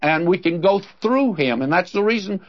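Lively man teaching a Bible verse. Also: sits high, normal speed, highs cut off. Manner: earnest, conversational preaching that speaks straight to the listener.

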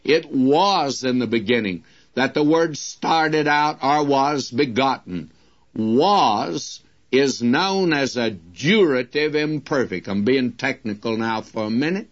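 A man teaching from the Bible in a slow, emphatic manner, addressing his listeners as friends, on a dull old lo-fi recording. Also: mid-range voice, expressive.

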